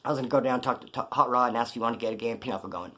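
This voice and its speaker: A man's voice: mid-range voice, very fast, bright, forceful tone. A man casually telling a prison story in blunt, profane street slang.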